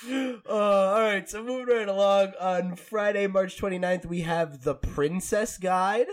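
An American man hosting a gaming podcast in casual chat, rambling with lots of filler and quick laughs. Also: high-pitched. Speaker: podcast host.

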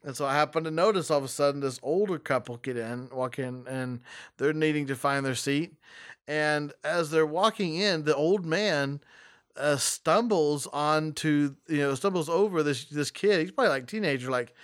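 A man's voice: on the high side, moderate pace, a bit bright, smooth. A young adult man answering personal questions in a casual, rambling way, often restarting sentences and laughing as he talks. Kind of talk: casual storytelling.

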